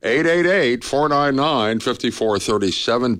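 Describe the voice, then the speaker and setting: A man hosting a charity radiothon on the radio, relaxed and joking, a little punchy after a long day. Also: mid-range voice, unhurried. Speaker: radio host.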